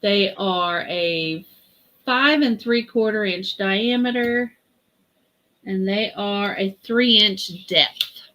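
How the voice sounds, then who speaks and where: A woman hosting a live vintage sale stream, chatty and unhurried as she reads out item sizes and prices. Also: medium pitch, sharp tone, a little hiss or hum. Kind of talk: live-stream sales pitch.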